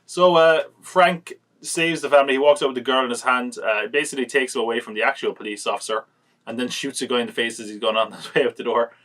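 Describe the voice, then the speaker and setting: A man's voice: medium pitch, fast, a bit bright. A man hosting a podcast, reviewing films in casual chat, rambling and acting out quotes as he retells scenes. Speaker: podcast host.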